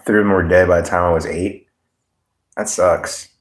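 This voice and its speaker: A man's voice: deep voice, fairly even intonation, normal speed. A man hosting a livestream, chatting casually with viewers in a blunt, profane, laid-back way. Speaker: livestream host. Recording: roomy echo.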